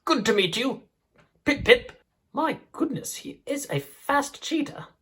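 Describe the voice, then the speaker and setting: A man voicing a fast, chipper male cheetah puppet with a put-on British accent, in a raised voice. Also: very high-pitched, very animated, background noise, pitched above the performer's own voice, full character voice.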